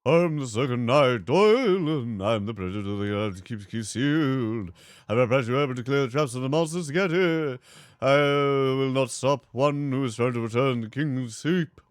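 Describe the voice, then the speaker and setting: A man's voice: mid-range voice, moderate pace, dry recording, studio quality, pitched above the performer's own voice, close to an everyday voice. A man reading out a solemn male knight's lines in a formal, declaiming voice. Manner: formal, declaiming game dialogue aloud. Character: solemn male knight guarding a sealed island.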